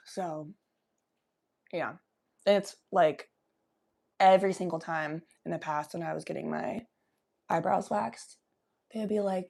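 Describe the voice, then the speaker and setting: Giggly, profane woman with a gravelly creak. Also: lowish voice, a little slow, pauses often, darkish tone. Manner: giggly, profane, loose and chatty. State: high from smoking weed. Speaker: livestream host. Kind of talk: casual chat reading viewer comments.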